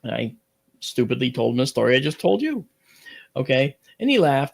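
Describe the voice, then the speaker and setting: A gravelly-voiced man speaks as a guest on a talk show, spinning a personal tale with animated energy. His telling rambles and restarts, with plenty of fillers, while his pitch sits in an ordinary male middle range. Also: a little fast. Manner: lively, rambling delivery with many fillers and restarts.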